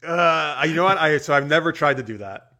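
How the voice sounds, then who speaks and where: A man with a bright, forceful voice, slightly high for a man, hosts a casual online chat. He reads out viewer comments playfully and laughs often. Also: lively intonation, brisk. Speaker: podcast host.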